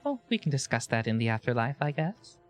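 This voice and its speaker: A man's voice: mid-range voice, big pitch swings, fairly quick, faint music behind, natural voice. A man voicing a mysterious female desert guardian who speaks in a sly, mock-polite way. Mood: sly teasing.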